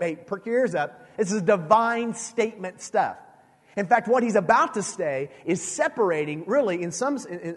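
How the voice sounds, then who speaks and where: Emphatic male preacher in a reverberant hall. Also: fairly high pitch. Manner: emphatic, repeats and restarts phrases, asks the congregation questions. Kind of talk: sermon.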